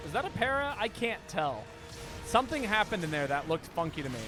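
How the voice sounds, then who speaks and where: A man's voice: high-pitched, big pitch swings, fairly quick, over music. A man streaming a video game, chatting casually and playfully, often stumbling over repeated words. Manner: playful, stammering word repeats. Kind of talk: casual live-stream chat while gaming.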